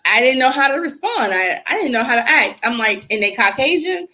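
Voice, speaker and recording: A woman's voice: high-pitched, a little fast. A woman in her thirties, a podcast guest, chatting casually and telling stories with acted-out quotes. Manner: animated storytelling with acted-out quotes. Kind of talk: casual chat.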